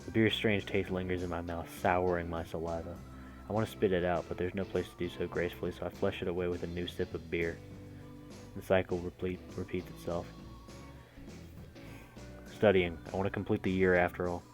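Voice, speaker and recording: A deep-voiced man reads a visual novel's narration for his stream, stopping now and then to react casually to the text. His low voice sits over faint background music. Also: little pitch movement, fairly quick. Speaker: gaming streamer. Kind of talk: reading a visual novel aloud with asides.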